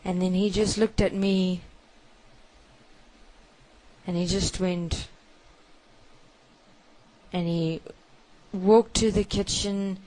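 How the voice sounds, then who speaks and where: Woman, first-person confession, slow halting delivery, somewhat low voice, repeats herself. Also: fairly even intonation, poor audio. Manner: halting, hushed storytelling with many repetitions.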